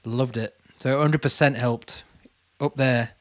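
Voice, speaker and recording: A man's voice: mid-range voice, steady tone, unhurried, no room sound. A man hosting a casual livestream, reading out viewers' comments and chatting back to them. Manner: chatty, calls viewers mate, reads comments aloud. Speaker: channel host answering live chat.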